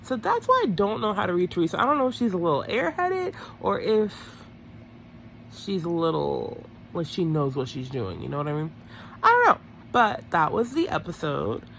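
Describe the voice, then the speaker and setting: A woman's voice: fairly low pitch, wildly swooping pitch, normal speed, vocal fry, a little hiss or hum. A woman chatting casually through a TV episode recap, gossipy and full of "like"s, often correcting herself mid-sentence. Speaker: reality TV recap vlogger.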